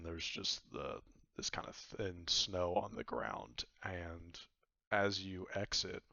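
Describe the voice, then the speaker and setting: A very low, gravelly man narrating a tabletop game as game master. He rambles and fills his speech with uhs and likes. The recording is dry and dull, like a lo-fi mic. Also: bright, forceful tone, no room sound. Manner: rambling, filler-heavy narration.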